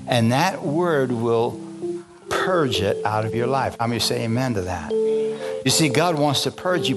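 An older man preaches in a church with fervent, folksy warmth, calling out for amens and hallelujahs. His voice sits in an ordinary middle register. Instrumental music plays clearly behind him. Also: mid-range voice. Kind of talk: sermon.

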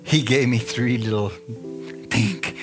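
A man's voice: mid-range voice, fairly even intonation, takes it slowly. A middle-aged man preaching a sermon as a pastor, telling a family story and often asking the congregation questions. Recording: music playing under the voice. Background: guitar music.

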